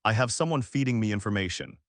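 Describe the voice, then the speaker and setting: A young male noble heir talks calmly and confidently, as a man reads him. The lines come out animated, in a dry, close recording. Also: fairly low pitch, quick pace, no echo, close to an everyday voice. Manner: calm and confident.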